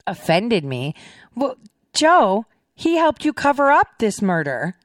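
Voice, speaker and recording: A woman's voice: on the high side, sing-song, slow, no room sound, studio quality. A woman hosting a show and giving political commentary on played clips, in a sarcastic way full of rhetorical questions. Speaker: podcast host.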